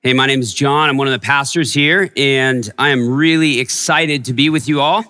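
A man preaching a sermon as a pastor, telling a personal story and growing hushed in its tender parts. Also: mid-range voice, fairly even intonation, moderate pace, big-room sound. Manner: storytelling, softening to a hush in tender moments. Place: church sanctuary.

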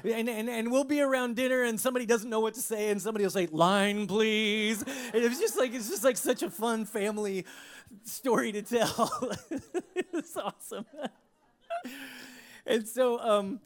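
A preacher giving a sermon, telling a personal story in an expressive way, laughing along and often restarting sentences. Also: medium pitch, moderate pace.

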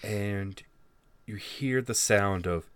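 A man narrating a tabletop horror game as game master, animated and laughing along. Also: lowish voice, takes it slowly, clear, resonant tone, dry recording.

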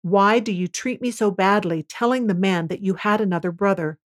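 A woman reading the lines of a grieving old father in a scripture reading, in a solemn, measured way. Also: medium pitch, lightly acted. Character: grieving old male patriarch, fearful for his son.

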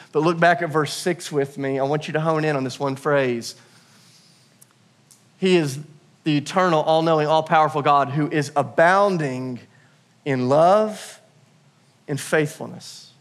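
A man in his thirties preaching a lively, humorous sermon to his congregation, calling on them to answer. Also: on the high side. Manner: energetic, humorous, calls out to the congregation. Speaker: pastor.

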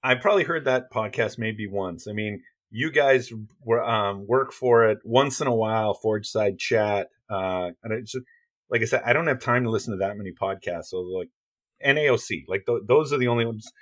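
A man's voice: fairly low pitch, moderate pace, fairly bright tone. A man guesting on a podcast, talking casually and rambling at length with lots of fillers. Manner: rambling, many fillers and restarts.

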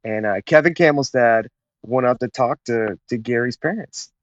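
A man's voice: medium pitch, moderate pace. A man from Tennessee with a mid-range voice, casually rambling through stories as a podcast guest. The audio is dull and lo-fi. It is also dry, with no room echo. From Chattanooga, Tennessee, USA. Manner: rambling, laid-back storyteller, says "man" and "whatnot". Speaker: podcast guest, naval officer. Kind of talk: casual interview storytelling.

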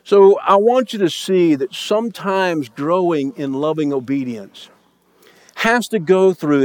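A man's voice: fairly high pitch, lively intonation, unhurried, no room sound. A man preaching a sermon as pastor, telling a story and acting out the lines of the people in it. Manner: storytelling, acts out quoted lines in raised voice.

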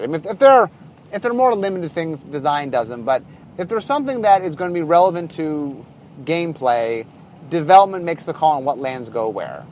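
Rambling man, highish voice. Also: a little mellow, slight background noise. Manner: rambling and anecdotal, self-correcting. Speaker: game designer. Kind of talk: casual podcast monologue.

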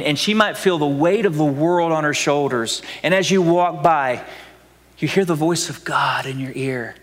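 A man's voice: a little high, a bit bright, long reverb tail. A man preaching a sermon with dramatic delivery, acting out voices and dropping to whispers for emphasis. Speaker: pastor.

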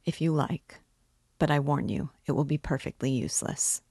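A woman reading aloud, voicing a precise, mistrustful little old male doctor who speaks quietly and bluntly. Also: low voice, fairly even intonation, normal speed, gravelly, husky, dry recording, clean studio sound, heavily acted. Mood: grim. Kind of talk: audiobook reading.

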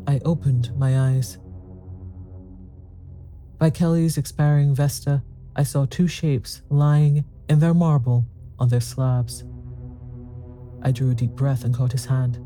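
Storyteller: man, very dark warm tone, tense first-person ghost story reading. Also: medium pitch, level tone, measured pace, long pauses, soft background music.

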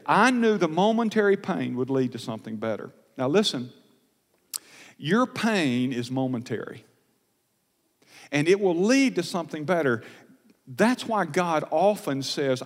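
A man pastor preaching a sermon, earnest and emphatic, recorded in a large church sanctuary. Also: fairly high pitch. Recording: long church hall reverb.

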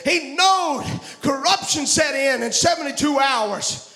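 High, gravelly man preaching in a roomy church. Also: measured pace. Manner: shouting, chanted sing-song preaching. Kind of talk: fervent revival sermon. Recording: roomy echo.

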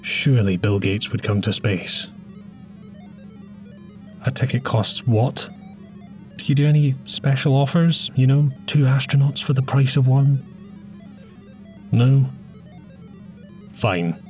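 An actor playing a frustrated young podcaster, exasperated and sarcastic with deadpan asides. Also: male voice, mid-range voice, takes it slowly, pauses often, soft background music, lightly acted. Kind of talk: comedy sketch acting.

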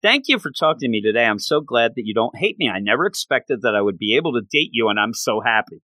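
A man voicing an excitable, nervous teenage boy in a story recap. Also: mid-range voice, fast, dry recording. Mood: fretting.

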